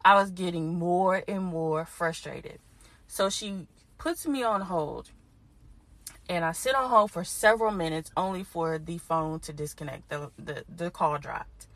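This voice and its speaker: A woman with a fairly low voice tells a long story on her podcast. She is animated and exasperated, and she turns aside to talk to her listeners as she goes. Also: measured pace, no echo. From Houston. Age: adult parent. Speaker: podcast host. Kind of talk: casual storytelling monologue.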